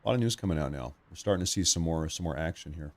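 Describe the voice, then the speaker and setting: A man's voice: rumbling low, lively intonation, racing. A man hosting a live news commentary stream, talking in a conversational and emphatic way that repeats points for effect.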